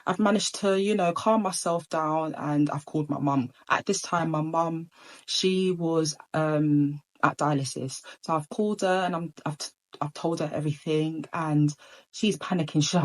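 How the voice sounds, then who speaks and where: A woman's voice: deep voice, a little slow, poor audio. A woman telling a personal story in a casual storytime monologue, rambling with many ums and restarts.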